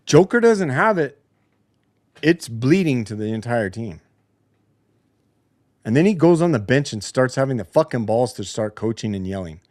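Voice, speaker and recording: A man's voice: mid-range voice, very animated, normal speed, pauses often, a little mellow, no echo, clean studio sound. A man hosting a post-game basketball show, ranting in a heated, profane way. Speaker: podcast host. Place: home basement studio.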